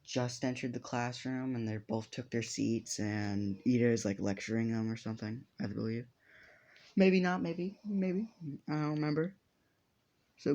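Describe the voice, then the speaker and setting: A man's voice: mid-range voice, a little mellow, dull audio. A man improvising a fan story aloud, rambling and swearing casually as he goes. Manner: rambling, profane, off-the-cuff.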